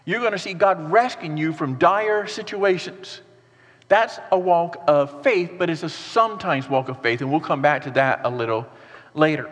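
Male pastor, slightly high voice, lively sermon delivery, long hall reverb. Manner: earnest, animated preaching with rhetorical questions.

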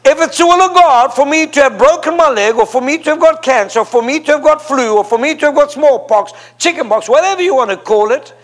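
A man's voice: extremely high pitch, expressive, quick pace, hardly any pauses. A man preaching a sermon to a congregation, emphatic and repetitive, leading them in call and response. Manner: emphatic, repeats phrases for effect. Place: church before a congregation.

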